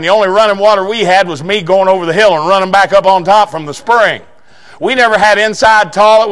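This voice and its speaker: High-voiced folksy preacher. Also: male voice. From southeastern Indiana. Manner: folksy storytelling with bursts of shouting. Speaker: pastor. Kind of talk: sermon.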